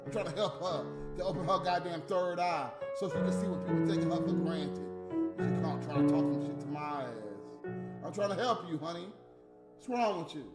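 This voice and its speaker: A man's voice: a little high, fairly quick. A man delivering a heated, profane, scolding rant as a stream host. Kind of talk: profane ranting monologue. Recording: roomy room with faint music.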